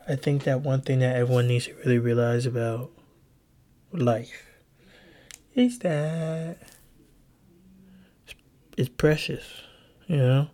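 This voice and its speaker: A young man hosting a personal podcast, talking in a subdued, halting way with lots of fillers, restarts and casual slang. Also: warm tone. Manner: subdued, low-key delivery. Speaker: podcast host.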